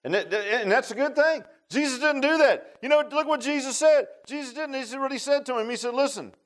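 A man's voice: very high voice, a little fast. A man teaching a Bible study class in a casual, folksy sermon style, often asking his listeners questions.

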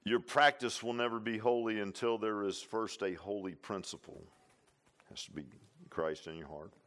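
A man's voice: lowish voice, steady tone, moderate pace, a bit bright. A man preaching a sermon, repeating lines for emphasis and tossing in "huh?" and "amen.". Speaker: pastor.

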